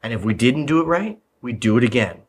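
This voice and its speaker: A leadership coach hosts a parenting podcast, telling childhood stories in loose, chatty solo talk full of fillers and repeated phrases. His mid-range voice is expressive, brisk, and husky.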